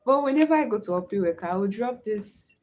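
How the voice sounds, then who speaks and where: A woman's voice: mid-range voice, quick pace. A young Nigerian woman from Delta State with a Warri Pidgin accent, hosting a casual livestream chat and telling stories animatedly, slipping into Pidgin. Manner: animated storytelling, switches into Pidgin. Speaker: livestream host.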